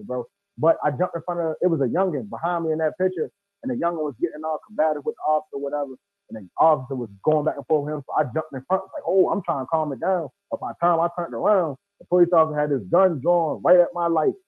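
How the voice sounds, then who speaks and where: A man's voice: fairly high pitch, husky, dry recording. A man telling a story in emphatic street slang, heard as a guest over a phone line. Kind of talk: casual storytelling.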